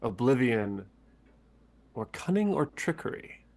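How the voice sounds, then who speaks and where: A man playing a tabletop game over a video call, excitable and quick to react. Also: mid-range voice, gravelly. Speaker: player. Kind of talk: casual chat while playing a tabletop game.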